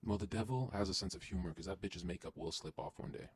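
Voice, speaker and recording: A man guesting on a podcast, delivering an intense, profane motivational rant that swings from loud to hushed. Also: deep voice, fast, few pauses, breathy edge.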